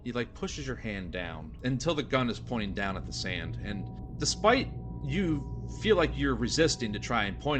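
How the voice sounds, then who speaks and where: A man serving as game master, narrating a tabletop role-playing scene in a measured, descriptive way. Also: medium pitch. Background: background music.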